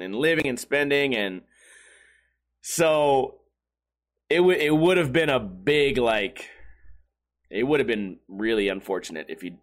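This young man's voice is mid-range with a fairly bright tone. Alone on a casual talk show, he delivers a crude storytelling monologue that is profane, rambling and self-mocking.

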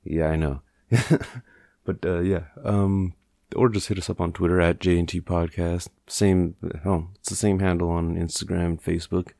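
A man's voice: low-pitched, little pitch movement, moderate pace, vocal fry, mellow, no echo, studio quality. A man hosting a podcast in casual, rambling chat, swearing freely and mocking himself. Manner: profane, rambling, self-mocking. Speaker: podcast host.

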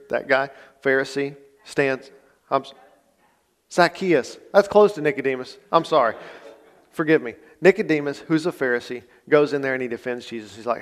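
A male pastor, preaching a sermon in a conversational, folksy manner. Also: medium pitch. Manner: conversational, plain-spoken, folksy asides. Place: church sanctuary. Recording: long church reverb.

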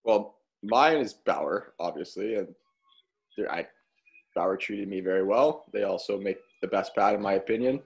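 A man on a casual podcast, giving measured, reasonable opinions. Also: fairly low pitch. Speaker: podcast co-host, former goalie.

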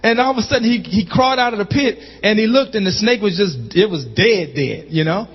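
A man preaches a sermon in a high, ringing voice, calling to his congregation and climbing into shouts. The sound is somewhat dull and lo-fi. His voice trails off in a long reverb, as in a large church sanctuary. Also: expressive, a little fast, slightly rough. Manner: call-and-response preaching, rising to shouts. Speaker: pastor.

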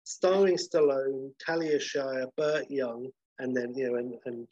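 A man co-hosts a podcast in an animated, chatty way, his speech full of fillers. His voice is husky and sits mid-range. The audio is muffled and lo-fi. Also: mid-range voice, a little slow. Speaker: podcast co-host. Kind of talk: casual chat.

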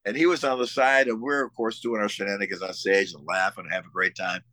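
A man from the Buffalo area with a very low voice that still sounds bright and forceful. He tells stories with enthusiasm but keeps stopping on fillers and restarting his sentences. The sound is dry and close, with no room echo. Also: steady tone. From United States, Buffalo area. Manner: halting, many fillers and restarts; enthusiastic storytelling. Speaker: musician guest. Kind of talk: casual interview conversation.

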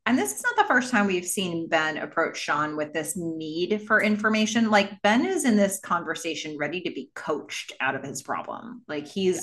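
A woman co-hosting a casual podcast, thinking out loud about a scene with frequent pauses and restarts. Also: lowish voice, sing-song. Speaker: podcast co-host. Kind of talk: casual rewatch podcast chat.

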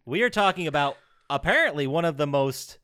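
A man hosting a casual podcast chat, leading the segments and reading out trivia in an animated way. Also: on the high side, fairly quick, clear, resonant tone, no echo, clean studio sound. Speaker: podcast host.

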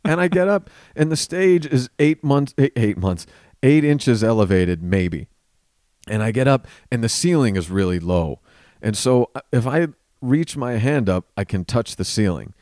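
A man, a comedian guest on a podcast, telling stories in casual chat with lively swearing. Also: mid-range voice, moderate pace, no echo, clean studio sound. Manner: animated storyteller, swears freely.

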